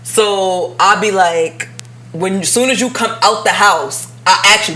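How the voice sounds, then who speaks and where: A woman co-hosting a casual relationship podcast, animated and blunt, acting out both sides of conversations. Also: medium pitch, normal speed. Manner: blunt, swears freely. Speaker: podcast co-host.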